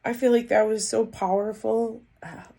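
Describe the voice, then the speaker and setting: A woman vlogger giving a rambling, halting update in one unedited take, tired and muttering. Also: fairly high pitch, steady tone, gravelly, dark tone. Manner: rambling, halting, self-deprecating.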